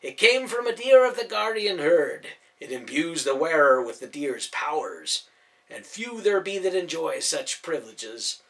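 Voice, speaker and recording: A man voicing a gruff, commanding older man in a storybook reading, with old-fashioned formal speech. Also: on the high side, sing-song, measured pace, fairly bright tone, full character voice. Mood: stern. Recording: voice from a distance off mic.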